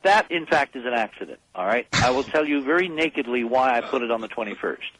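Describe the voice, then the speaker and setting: A man's voice: medium pitch, expressive, quick pace, fairly bright tone, a little hiss or hum, rough recording. A man as a radio interview guest, talking in an emphatic, speechifying way.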